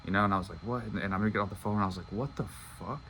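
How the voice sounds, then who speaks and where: A man's voice: on the low side, level tone, rapid-fire, bright, forceful tone, a little hiss or hum. A young man telling a personal story to his viewers in a casual, rambling way, filling his talk with "like". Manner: casual, rambling, heavy use of "like". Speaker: manifestation coach.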